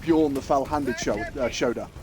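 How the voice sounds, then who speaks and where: A man's voice: medium pitch, moderate pace, over music. Rambling man streaming games. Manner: rambling, lots of fillers and restarts, swears casually. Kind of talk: livestream storytelling and gaming chat.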